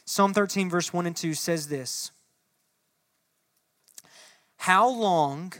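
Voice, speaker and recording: A young man preaching a sermon to a congregation, talking to the room directly and rising from soft, low speech to loud, impassioned reading. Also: a little slow, long pauses, no room sound, studio quality. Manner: addresses the room directly, conversational asides. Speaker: pastor. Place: church hall before a congregation.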